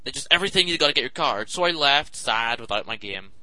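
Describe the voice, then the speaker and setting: Sardonic teen ranting. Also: male voice, medium pitch, expressive, quick pace, pushed and bright, no echo, rough recording. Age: late teens. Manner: exasperated, sardonic rant. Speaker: podcast host. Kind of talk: comic storytelling monologue.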